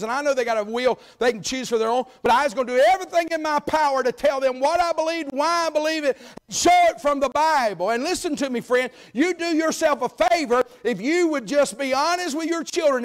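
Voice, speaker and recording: Emphatic folksy male preacher. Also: extremely high pitch. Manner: folksy, emphatic, swings from loud calls to quiet asides. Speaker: guest preacher. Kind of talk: sermon. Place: church sanctuary.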